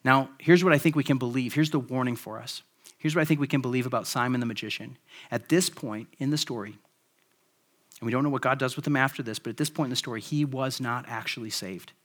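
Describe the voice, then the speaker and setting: A man's voice: mid-range voice, fast, fairly bright tone. A man preaching a sermon in a casual, conversational way, with frequent "like" and "right?" tag questions. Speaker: pastor.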